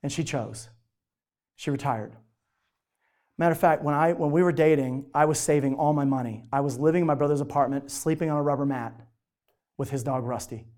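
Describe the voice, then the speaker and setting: Brief: middle-aged male motivational speaker, slightly high voice, animated storyteller who acts out other voices. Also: fairly quick. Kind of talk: personal storytelling to a live audience.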